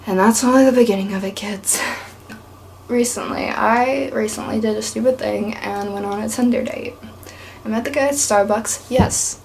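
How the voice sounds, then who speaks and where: Her voice sits on the high side and is creaky, moving at a normal pace against a noisy background. A young East Tennessee vlogger, she rambles through a talkative story to camera, saying "like" over and over.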